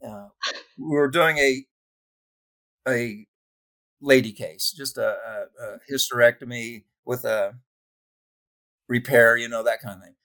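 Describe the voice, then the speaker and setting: A man's voice: mid-range voice, slow pace, long pauses. A man who works as a nurse, telling funny work stories in casual chat and laughing along. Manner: laughing, animated anecdotes. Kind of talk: casual storytelling.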